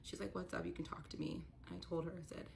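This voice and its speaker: A woman's voice: on the low side, fairly even intonation, fast, creaky, a little mellow, slight background noise. A woman telling a painful personal story in an earnest, confessional vlog, quoting others and getting emotional as it goes. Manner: emotional, voice rising when upset. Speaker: storyteller recounting a personal ordeal. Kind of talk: personal story vlog, played in a reaction stream.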